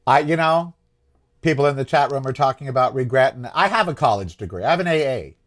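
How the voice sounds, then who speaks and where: A man's voice: mid-range voice, animated, fast, fairly bright tone. A man hosting his own show, talking in a rambling, frustrated political monologue that keeps questioning itself. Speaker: host.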